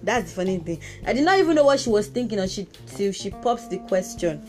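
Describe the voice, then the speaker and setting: A Nigerian woman tells a personal story on her podcast in a casual, exclamatory way, slipping into Pidgin phrases. Her voice sits at a middling pitch for a woman, and clear music plays under her talk. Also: quick pace. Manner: expressive, exclamatory retelling with Nigerian Pidgin touches. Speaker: podcast host.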